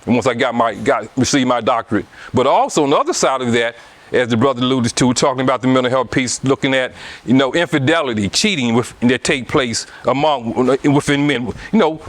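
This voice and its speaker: A man's voice: medium pitch, fairly quick. A middle-aged man from Alabama with a Southern accent, giving a public talk about his book to a live audience, with many restarts and fillers.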